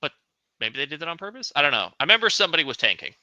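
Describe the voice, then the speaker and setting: A man's voice: fairly high pitch, very animated, very fast, pushed and bright, no echo. A man co-hosting a casual sports podcast, laid-back and jokey, swearing casually. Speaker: podcast co-host.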